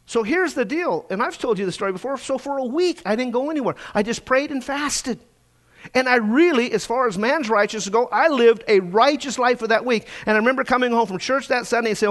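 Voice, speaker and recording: A middle-aged male pastor preaching a sermon in a church, telling his own story and swinging between loud urgency and hushed quiet. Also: very high-pitched, big pitch swings, moderate pace. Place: church sanctuary.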